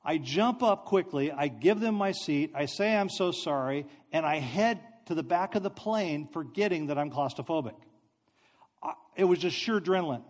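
Brief: high-pitched male preacher, animated, self-mocking storyteller, hall reverb. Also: moderate pace. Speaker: speaker. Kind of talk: sermon storytelling.

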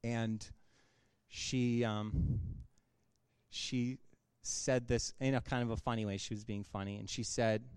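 A man's voice: mid-range voice, little pitch movement, slow pace, darkish tone, clear, resonant tone, no room sound. A man preaching a sermon as a pastor, talking casually and conversationally with fillers and laughs.

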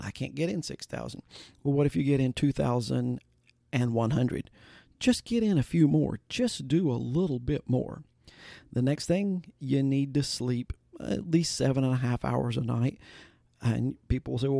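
Male podcast host, folksy storyteller, gravelly and mellow, close dry mic. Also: medium pitch, no echo. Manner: folksy, conversational, with restarts and asides. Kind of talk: casual spoken storytelling and advice.

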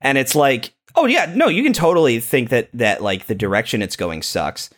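A young man in casual podcast chat, his pitch rising and falling a great deal as he talks. He sounds animated and piles on filler words and repeats. His voice sits at a middling pitch for a man. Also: normal speed. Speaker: podcast co-host.

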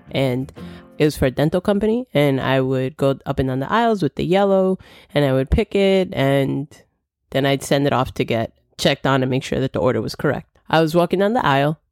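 Young woman with a low voice doing her podcast, chatty storytelling, dry close sound. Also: a little mellow, no room sound. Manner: chatty storytelling, acts out quoted dialogue. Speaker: podcast host. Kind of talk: casual solo podcast monologue.

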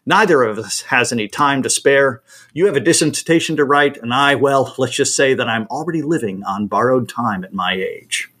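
A man voicing a jovial, buoyant old male art professor in his eighties, talking slowly. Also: mid-range voice, fairly bright tone, natural voice.

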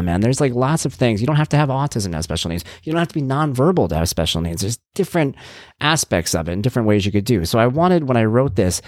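A middle-aged man hosting a podcast, telling a family story in casual chat and acting out the voices with big jumps in pitch. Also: no echo, studio quality. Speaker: podcast host.

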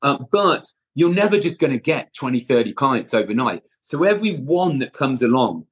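A man's voice: mid-range voice, big pitch swings, moderate pace, breathy edge. A male personal trainer as an interview guest, talking earnestly and rambling, with restarts and casual swearing.

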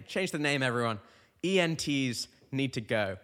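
A young male stand-up comedian delivering a rambling, deadpan comic monologue that trails off and restarts mid-thought. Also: medium pitch, normal speed. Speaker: stand-up comedian, podcast host.

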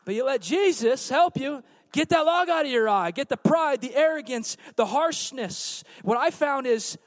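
Pastor guy preaching from the stage, high voice, dry close sound, goes quiet then loud. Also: no echo. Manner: emphatic preaching, swinging from hushed to loud; calls out to the congregation. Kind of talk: sermon. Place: church sanctuary on a stage.

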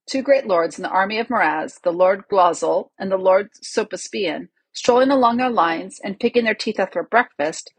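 A woman narrating a storybook chapter in a steady, even reading style. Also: medium pitch, slightly rough, no echo, poor audio. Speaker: audiobook narrator.

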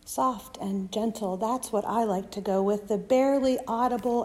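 A woman preaching a sermon in a dramatic style, dropping often to soft whispers. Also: mid-range voice, fairly even intonation, measured pace, few pauses. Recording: long reverb of a large hall.

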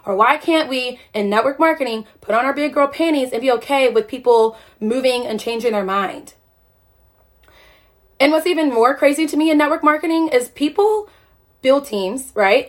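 A woman network marketer speaking live to her followers on a phone, passionate and emphatic, asking one rhetorical question after another. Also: a little high. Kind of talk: emotional livestream rant.

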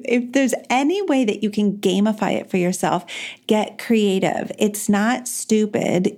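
A woman's voice: mid-range voice, warm tone. A woman hosting a solo advice podcast, talking in an earnest, encouraging and self-deprecating way. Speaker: podcast host.

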